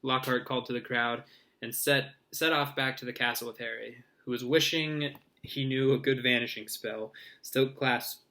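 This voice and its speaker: A man's voice: mid-range voice, fairly even intonation, moderate pace, pushed and bright. A man reading a novel aloud in an easygoing, unpolished way. He trips over words, backs up to fix them and drops in little comments of his own. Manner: informal, with slips, restarts and asides. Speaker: reader.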